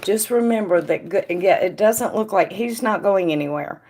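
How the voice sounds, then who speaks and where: A woman hosting a casual live tarot reading, chatting with viewers by name and dropping to a quiet murmur when she puts questions to the cards. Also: mid-range voice, normal speed, a little hiss or hum. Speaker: tarot reader and stream host.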